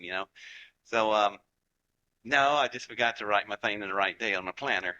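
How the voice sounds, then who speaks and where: Southern US man, live-audience speaker; sharp bright tone, mid pitch, chatty folksy storytelling with jokes. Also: normal speed, long pauses. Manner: chatty, joking asides to the crowd.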